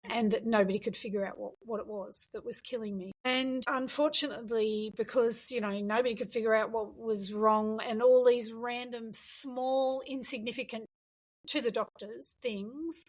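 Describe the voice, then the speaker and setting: A woman's voice: a little high, fairly even intonation, normal speed, rough recording. A middle-aged woman guest telling her story in a frank, emphatic way during an interview. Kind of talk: conversational interview.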